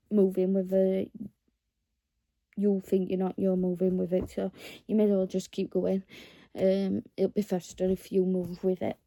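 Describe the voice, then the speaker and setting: A woman's voice: medium pitch, warm tone, no echo. A woman vlogging to camera in a casual, rambling way, earnest and encouraging toward her viewers.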